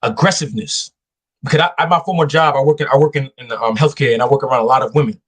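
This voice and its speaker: A man's voice: medium pitch, racing, fairly bright tone. A man talking emphatically as a guest on a casual podcast, telling stories and making his points like a sermon. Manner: emphatic, preachy storytelling.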